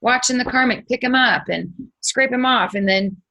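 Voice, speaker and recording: A woman's voice: on the high side, moderate pace, vocal fry, sharp tone, rough recording. A middle-aged woman hosting a spiritual channel, telling a story casually, swearing freely and acting it out with sound effects.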